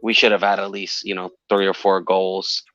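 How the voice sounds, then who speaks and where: A man's voice: low-pitched, completely flat delivery, normal speed, pushed and bright, faint music behind. A man co-hosting a casual call-in show, talking in a chatty, rambling way with lots of fillers and restarts. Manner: chatty, repeats himself, many fillers. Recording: dull lo-fi sound.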